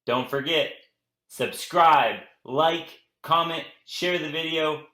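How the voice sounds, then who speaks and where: Hell klingender, aufgedrehter Moderator. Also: male voice, on the high side, slow pace. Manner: excited, playful, addresses viewers as guys. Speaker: host. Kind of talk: casual reaction commentary.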